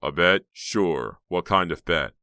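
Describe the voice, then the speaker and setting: A man reading an audiobook, voicing a low-voiced teenage boyfriend who is easygoing and teasing. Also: expressive, slow, gravelly, bright, forceful tone, dry recording, clean studio sound, exaggerated voice.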